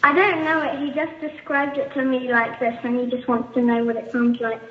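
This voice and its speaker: A woman calls in and speaks hesitantly in a high voice. She comes through a tinny phone line with an echoey sound. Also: level tone, a little fast. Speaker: caller.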